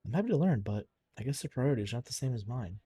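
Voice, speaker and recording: A man's voice: mid-range voice, lively intonation, fast, dark tone, breathy edge, no room sound. A young man reading a visual novel's narration aloud on a live stream, sometimes tripping over words and restarting.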